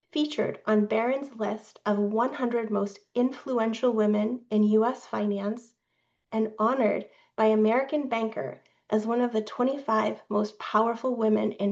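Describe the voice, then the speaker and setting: A woman staff presenter reading a prepared update in a formal, measured way, with small slips. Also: fairly high pitch, vocal fry, a little mellow. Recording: dull lo-fi sound.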